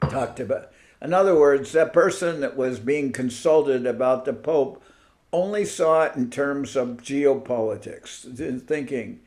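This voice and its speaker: At a measured pace and in a mid-range, slightly mellow voice, this man gives devotees an informal spiritual talk over a video call. A spiritual teacher, he thinks out loud and stops now and then to hunt for words and names.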